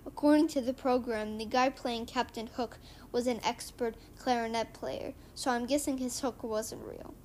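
Higher-voiced woman reading a comic out loud, stops and restarts a lot, faint hum behind. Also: steady tone. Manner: halting, with frequent restarts and fillers. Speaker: reader of a comic book. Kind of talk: casual book reading and retelling.

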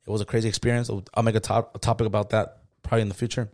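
A man's voice: fairly low pitch, flat delivery, very fast, a little mellow. A man, telling stories in a casual, profane podcast chat, acting out quotes. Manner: slangy, profane, storytelling with acted-out quotes. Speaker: podcast co-host.

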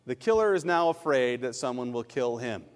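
A man's voice: mid-range voice, moderate pace, long reverb tail. A man preaching a sermon as a pastor, telling stories with animation and acting out the quotes. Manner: animated storytelling, acts out quotes.

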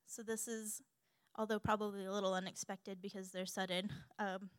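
A young woman giving a sermon in an animated, humorous way. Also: medium pitch, moderate pace, clean tone, no echo. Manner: animated and humorous, acts out quoted voices.

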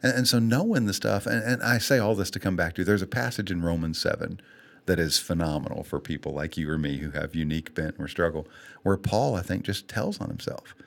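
Male podcast co-host: low, gravelly, earnest, self-deprecating, quick to laugh. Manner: emotional, tears up on heartfelt points. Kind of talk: casual faith-based chat.

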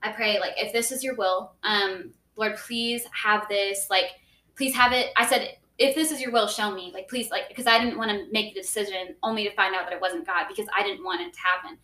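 Earnest young woman, bright and roomy. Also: mid-range voice, fairly even intonation, a little fast, far from the mic. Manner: earnest storytelling, many "like"s and restarts. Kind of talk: casual faith testimony. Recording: echoey room, voice a bit off-mic.

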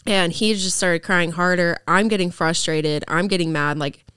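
A woman's voice: fairly low pitch, fairly even intonation, normal speed, fairly bright tone, smooth, no echo, studio quality. A young woman, a podcast guest, telling a personal story casually and rambling with lots of filler words. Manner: rambling, heavy use of "like" fillers.

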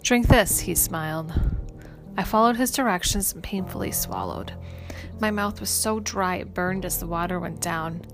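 A woman reading a first-person story aloud in an even, measured way. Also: lowish voice. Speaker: story narrator. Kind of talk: scripted first-person narration. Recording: music playing underneath.

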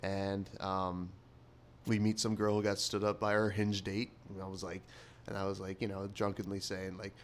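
A man's voice: sits low, little pitch movement, normal speed, a little hiss or hum. A young man co-hosting a podcast, telling stories casually with lots of fillers. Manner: rambling storyteller, lots of fillers and "like". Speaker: podcast co-host.

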